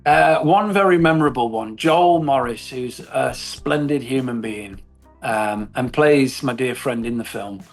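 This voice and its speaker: A man's voice: medium pitch, a little slow, faint music behind. A middle-aged man in a casual interview, telling stories with animation, swearing and laughing often. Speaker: actor guest.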